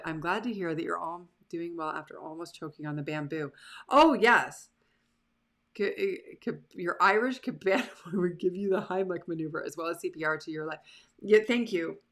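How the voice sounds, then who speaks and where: A woman's voice: on the low side, a bit bright. A woman hosting a live motivational show, talking casually and with animation to her online audience. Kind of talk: casual live-stream talk.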